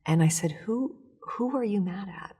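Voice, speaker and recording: A woman speaking as an author and guest in a casual interview, telling stories in a lively way with acted-out voices. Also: mid-range voice, normal speed, breathy edge. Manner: animated storytelling with acted voices and laughs.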